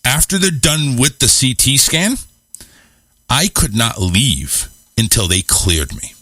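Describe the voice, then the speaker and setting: A man with a bright, forward voice tells a rambling, self-mocking story in casual talk-show chat. He swears freely and keeps things lively. His voice sounds close and dry. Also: mid-range voice, slow pace, no room sound. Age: adult, married. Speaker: radio show host.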